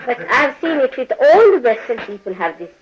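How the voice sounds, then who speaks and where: A woman's voice: high-pitched, very animated, fairly quick, crowd noise, poor audio. A woman speaking as a spiritual teacher in an informal talk to her followers, teasing and scolding them with laughter and acting out quoted voices.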